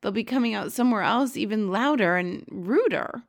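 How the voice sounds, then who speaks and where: A woman's voice: medium pitch, expressive, normal speed, close to an everyday voice. A well-mannered little girl , as a woman reads her lines from a storybook, speaking with patience and polite restraint. Her tone is a little lighter than the narration around it. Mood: patient.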